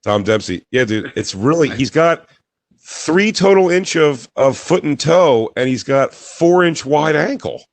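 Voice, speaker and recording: A man co-hosting a podcast, chatting fast and laughing as he acts out comic bits. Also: fairly high pitch, animated, dry recording. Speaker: podcast co-host. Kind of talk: casual comedic banter.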